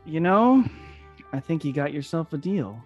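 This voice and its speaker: A tabletop player asking hesitant, unhurried questions in casual play. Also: medium pitch, very animated, slightly rough, dull audio, soft background music.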